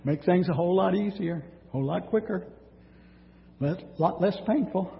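A man preaching a sermon, reading scripture dramatically and speaking in an animated way. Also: high-pitched, normal speed, gravelly, a little hiss or hum. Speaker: pastor. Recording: dull sound with long hall reverb.

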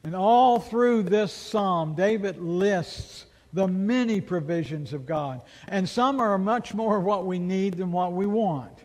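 Male pastor, high voice, unhurried delivery, emphatic sermon with rhetorical questions, echoing hall. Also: darkish tone. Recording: long reverb of a large hall.

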